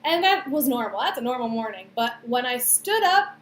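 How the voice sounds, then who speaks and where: A young woman in her twenties telling a personal story to camera, chatty and animated, with lots of fillers and acted-out quotes. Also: a little high, normal speed. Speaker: vlogger. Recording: echoey room, faint background noise.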